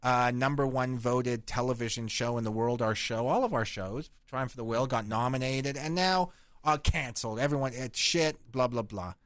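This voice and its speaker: A man's voice: mid-range voice, moderate pace, fairly bright tone, dry recording, studio quality. A man from Canada hosting a podcast, telling crude stories in brash, profane casual banter. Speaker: podcast host.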